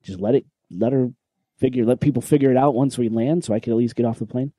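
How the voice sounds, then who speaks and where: A man co-hosting a podcast, telling a story in a casual, animated way, swearing and acting out what people said. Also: mid-range voice, fast, no room sound. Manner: animated, swearing, acts out quoted lines. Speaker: podcast co-host. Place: podcast recording room.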